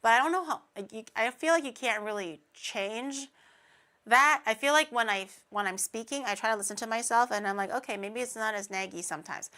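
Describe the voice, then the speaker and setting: A woman's voice: a little high, a little fast, bright, forceful tone. A young woman streaming, chatting casually with her viewers, laughing often, her voice slightly naggy and whiny. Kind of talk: casual livestream chat with chat readers.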